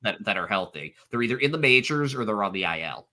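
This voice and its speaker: A man's voice: on the low side, expressive, fast, sharp tone. A man co-hosting a sports podcast, giving a matter-of-fact, detailed rundown. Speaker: podcast co-host. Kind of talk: casual sports chat.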